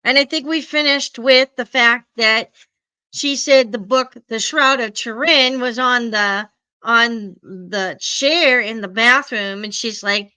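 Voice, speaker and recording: A woman hosts a casual livestream, calling out viewers by name. Her voice is a little high, bright and forceful, and she takes her time, though allergies leave her sounding slightly stuffy.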